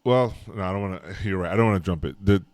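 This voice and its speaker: A man's voice: deep voice, very fast, a little mellow, no room sound. A man co-hosting a podcast, chatting eagerly about a film, repeating words and correcting himself mid-sentence. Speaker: podcast co-host. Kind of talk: casual film discussion.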